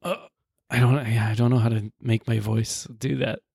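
A man's voice: medium pitch, little pitch movement, moderate pace, creaky, a little mellow, slightly rough, no echo, clean studio sound. A man chatting casually on a podcast, laughing often and hesitant about his own attempts. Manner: laughing, self-deprecating, hesitant. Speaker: podcast co-host. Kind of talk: casual chat. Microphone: headphones, podcast mic.

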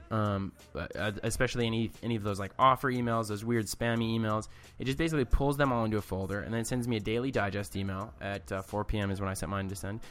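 A man hosting a podcast, talking casually and rambling with many fillers. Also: fairly low pitch. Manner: relaxed, filler-heavy, rambling. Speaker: podcast host.

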